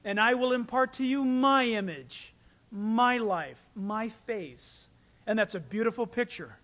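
A pastor preaching a sermon, telling stories with animated delivery and acting out quoted voices. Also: male voice, high voice, unhurried. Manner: animated storytelling, acts out quotes.

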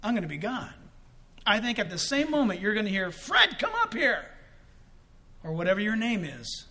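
Casting note: male pastor, very high and bright voice, lively delivery with shouted peaks and laughs. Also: fairly quick. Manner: animated, shouts for emphasis, jokes and laughs. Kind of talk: sermon.

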